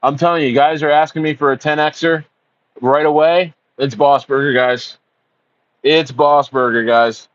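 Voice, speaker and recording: A man's voice: a little high, steady tone, normal speed, dry recording, muffled recording. A man hosts a casual livestream. He rambles, fills his talk with ums and uhs, swears, and calls his viewers bro. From United States. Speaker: livestream host.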